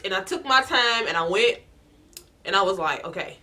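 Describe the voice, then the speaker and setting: A woman vlogger telling a casual storytime, lively and animated, acting out what she said and talking straight to her viewers. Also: medium pitch, moderate pace. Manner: animated storyteller who acts out her own past lines and addresses viewers as y'all.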